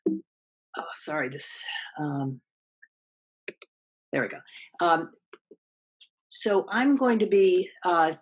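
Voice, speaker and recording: A woman presenting an academic lecture, measured and explanatory, with frequent ums and small restarts. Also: sits low, slightly rough. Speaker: guest lecturer.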